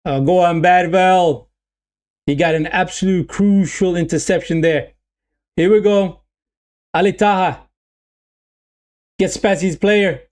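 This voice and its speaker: A man giving live football watch-along commentary, getting excited at the play, repeating his phrases and reading chat messages aloud. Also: high-pitched, slow pace, long pauses.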